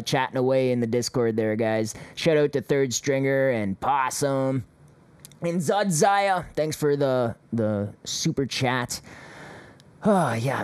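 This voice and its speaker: A man hosts a call-in show in a loose, rambling way, dropping sarcastic remarks and little chuckles. His voice sits at an ordinary middle pitch. The sound is dry and close. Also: darkish tone, no echo. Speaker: host. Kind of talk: casual call-in show chat.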